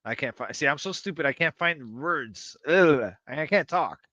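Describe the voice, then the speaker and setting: A man hosting a livestream, chatting to his viewers in a rambling, excitable, self-mocking way and swearing freely. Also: a little high, normal speed, no room sound. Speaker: livestream host. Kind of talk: casual livestream chat to viewers.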